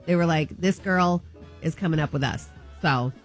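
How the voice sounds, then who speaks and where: A woman's voice: low-pitched, moderate pace, soft background music. A woman co-hosting a morning radio show, chatting in an enthusiastic, gushing way.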